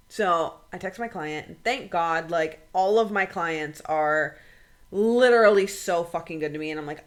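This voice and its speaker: A young woman with a fairly low voice tells a personal story on a podcast. She talks casually, swears often and acts out what others said in quick quoted bursts. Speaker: podcast co-host.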